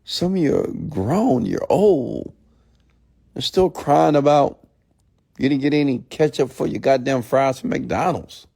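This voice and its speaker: A man's voice: medium pitch, animated, measured pace, gravelly, warm tone. A man hosting a late-night live stream, ranting bluntly and profanely at viewers, then answering their questions. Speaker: entrepreneur mentor host.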